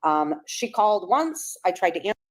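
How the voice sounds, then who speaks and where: A woman in a played clip, calmly and deliberately laying out details of phone calls. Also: lowish voice. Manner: deliberate, matter-of-fact.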